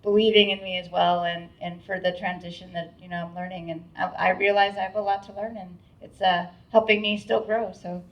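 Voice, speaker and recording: A woman's voice: on the low side, little pitch movement, a little fast, hardly any pauses. A middle-aged woman chairing a board, giving a heartfelt, rambling thank-you speech at an event with many restarts. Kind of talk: emotional, grateful event speech. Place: event hall with an audience. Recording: distant, dull-sounding mic at a live event.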